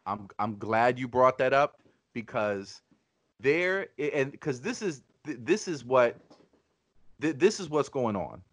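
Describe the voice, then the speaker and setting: A man's voice: mid-range voice, very animated, slow pace, dry recording. Emphatic, profane man arguing on a podcast. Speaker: podcast host. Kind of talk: casual podcast debate.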